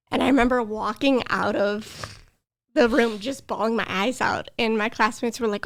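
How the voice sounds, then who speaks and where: A woman's voice: fairly high pitch, fairly quick, vocal fry, fairly bright tone. A young adult woman, a podcast guest, earnestly telling a personal story with emotion. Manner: earnest, emotional, tearful at times.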